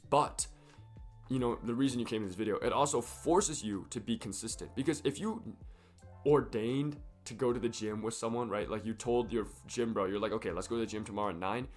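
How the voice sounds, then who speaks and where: A young man with a croaky, sick voice, rambling casually and profanely to camera in a fitness vlog. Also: medium pitch, normal speed, a little mellow, faint music behind. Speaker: fitness vlogger.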